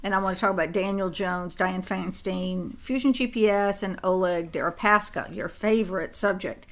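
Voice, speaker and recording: Brisk woman setting the agenda. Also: medium pitch, steady tone, fairly bright tone. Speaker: co-host. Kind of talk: political talk show.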